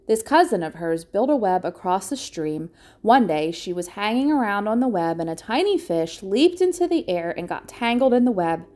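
A woman reading aloud and voicing an imaginative young farm girl who talks in an excited, insistent way. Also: mid-range voice, lightly acted.

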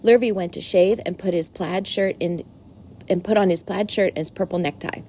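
A woman reading a children's storybook aloud at an unhurried, plain pace. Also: on the low side, fairly even intonation, dark tone, a little hiss or hum.

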